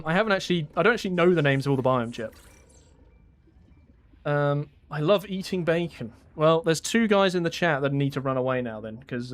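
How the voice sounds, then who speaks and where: A young man from England chatting casually on a live game stream, laughing often and answering his chat. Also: on the high side. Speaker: gaming streamer.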